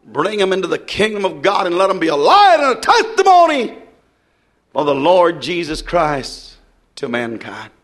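Older male preacher, fiery revival delivery, high voice that swings widely, shouting and then dropping low. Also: huge pitch swings, moderate pace. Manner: shouting, rising and dropping sharply in fervent preaching.

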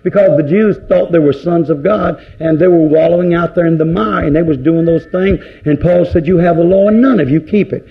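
A man's voice: a little high, fairly quick, few pauses. A man preaching a fervent sermon, firing off one rhetorical question after another. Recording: dull lo-fi recording.

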